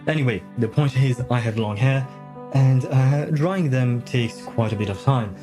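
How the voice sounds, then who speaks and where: A man's voice: mid-range voice, unhurried. A man streaming live, chatting casually and rambling with many fillers, self-corrections and laughs; English is not his first language. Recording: faint music behind. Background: faint game music.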